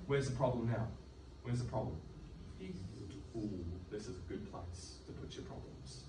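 A man preaching a sermon in an animated, joking way, acting out the voices of the people in his story. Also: medium pitch, normal speed, noisy background. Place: church hall. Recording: echoey room, distant mic, music behind.

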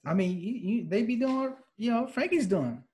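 A man co-hosting a podcast in casual chat, joking with quick quips. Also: high voice, expressive, warm tone. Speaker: podcast co-host.

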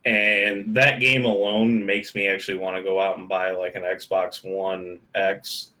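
A man's voice: low-pitched, level tone, a little slow, bright, forceful tone, rough recording. A drunk man co-hosting a podcast, chatting casually and laughing along. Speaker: podcast co-host. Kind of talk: casual chat.

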